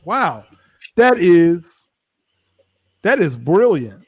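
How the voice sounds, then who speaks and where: A man co-hosting a casual live review chat, telling stories in an animated way and acting out what people said. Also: high-pitched, extremely slow. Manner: animated storytelling, acts out quotes. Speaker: co-host of a reality TV review show.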